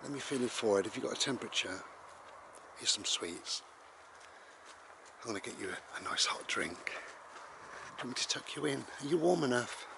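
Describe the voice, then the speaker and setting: A man voicing a doting mother fussing over her sick child, soft and cooing. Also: mid-range voice, expressive, brisk, vocal fry, long pauses, background noise. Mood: tender.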